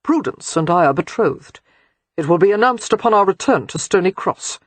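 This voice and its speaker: A woman's voice: on the low side, lively intonation, moderate pace, no echo. A woman voicing a cold, vengeful young nobleman in an audiobook, speaking curtly and icily. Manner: curt and icy.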